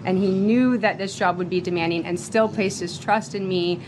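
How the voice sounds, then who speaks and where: A woman speaking as a press secretary, delivering a slow, rehearsed briefing. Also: mid-range voice, steady tone. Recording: played-back clip with clear background noise.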